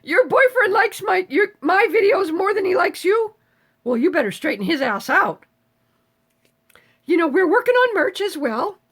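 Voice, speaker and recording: A woman's voice: extremely high pitch, big pitch swings, normal speed. A woman in her seventies chatting casually on a live stream, reading viewer comments aloud and answering them with frequent swearing. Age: 70s.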